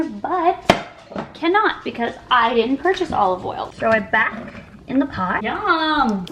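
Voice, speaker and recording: Woman vlogger, slightly high voice, bubbly and giggly, cooking and chatting at home. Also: lively intonation, measured pace, noisy background. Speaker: food vlogger. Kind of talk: casual chatty vlog. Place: home kitchen.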